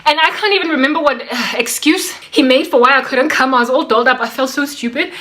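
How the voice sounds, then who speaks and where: A woman recounts a personal story to camera, chatty and animated, with plenty of fillers. Her voice sits a little high and sounds bright and forceful. She acts out the lines of the people in her story. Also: quick pace. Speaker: vlogger.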